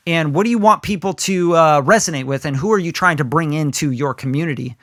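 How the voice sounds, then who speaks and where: A man's voice: on the high side, brisk, fairly bright tone, no room sound, studio quality. A man co-hosting a casual podcast, talking animatedly, acting out scenarios and swearing casually. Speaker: podcast co-host.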